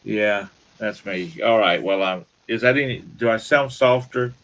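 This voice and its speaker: Easygoing low-voiced man co-hosting. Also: measured pace, a bit bright, rough recording. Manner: easygoing, laughs often. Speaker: co-host. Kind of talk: casual live-stream chat. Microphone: desk mic.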